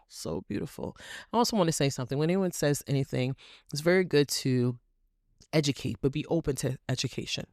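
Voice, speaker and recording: Low-voiced woman hosting an inspirational talk. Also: dry recording, clean studio sound. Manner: animated storytelling, repeats phrases for emphasis. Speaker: podcast host. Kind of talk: inspirational monologue.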